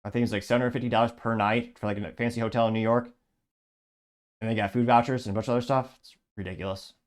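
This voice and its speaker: A man of ordinary pitch hosts a commentary show, working through social media comments one at a time. He talks casually and keeps stopping to add wry asides, often restarting his sentences. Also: fairly even intonation, quick pace. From Illinois.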